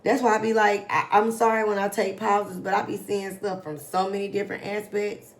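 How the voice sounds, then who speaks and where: A woman doing a casual tarot reading for her viewers, slowly reading out card messages and reacting to them. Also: medium pitch, little pitch movement. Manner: slow, drawn-out, reads card text aloud then reacts emotionally. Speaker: tarot reader.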